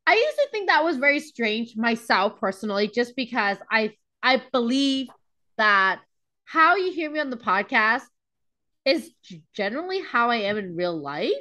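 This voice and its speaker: Woman, podcast co-host, casual chat, bright tense tone, slightly high, acts out quotes. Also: sing-song, moderate pace. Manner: chatty, storytelling, acts out quotes.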